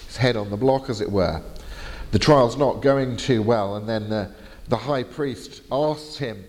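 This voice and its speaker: A man's voice: medium pitch, measured pace, a little mellow. A man giving a university lecture, explaining step by step with frequent hesitations. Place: lecture hall. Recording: long hall reverb.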